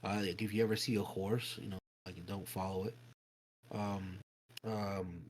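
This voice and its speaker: A man co-hosting a podcast, telling a spooky story in a casual, animated way, swearing freely and acting out voices and sounds. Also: low voice, normal speed, poor audio. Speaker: podcast co-host.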